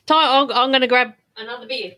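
A woman's voice: on the high side, brisk. Aussie lady hosting a chill chat over beers, easygoing, laughs along. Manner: relaxed, laughs along, agreeable. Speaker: podcast host. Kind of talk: casual interview over beers.

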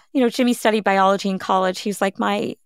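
A woman's voice: mid-range voice, a little fast, clean tone, no room sound, studio quality. A woman in her thirties, a podcast host, telling her own story in an interview, earnest and reflective, often reenacting what others said. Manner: earnest, reflective, quotes others in lively retellings.

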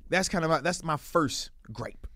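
A man's voice: a little high, animated, moderate pace, pushed and bright, no echo. A man co-hosting a sports talk show, joking and emphatic as he breaks down the team. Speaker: sports analyst co-host.

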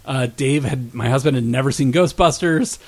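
A man's voice: medium pitch, normal speed, slightly rough. A man co-hosting a podcast, chatting casually and bluntly about films and TV. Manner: animated and blunt. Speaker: podcast co-host. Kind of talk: casual chat reviewing TV and films.

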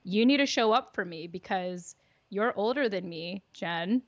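A woman's voice: mid-range voice, lively intonation, a little slow, no room sound, lo-fi sound. A woman speaking as her own inner child, a sassy and confident young girl, in her everyday voice. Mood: earnest.

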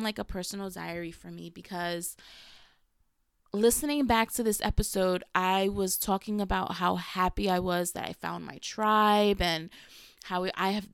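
A woman's voice: mid-range voice, clean tone, dry recording, studio quality. Candid, cussing woman podcast host. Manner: candid, profane, slangy. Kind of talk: casual confessional podcast talk.

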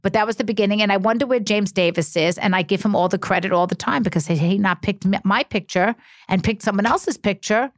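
Woman guest, chatty storyteller, animated delivery, dry close sound. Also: mid-range voice, fast, no room sound. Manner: animated, chatty, self-interrupting. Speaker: reality TV personality, podcast guest. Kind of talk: casual storytelling chat.

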